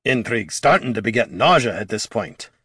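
A man voicing a measured, clever male adventurer who speaks in a calm, analytical way, close to his own voice. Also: medium pitch, breathy edge, no echo.

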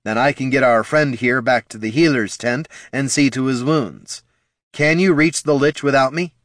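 A fervent male bard who shouts and pleads, as a male narrator voices him, his voice climbing high above the narration. He sounds insistent and stirred up, and the audiobook recording is dry and close. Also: normal speed, dry recording, natural voice.

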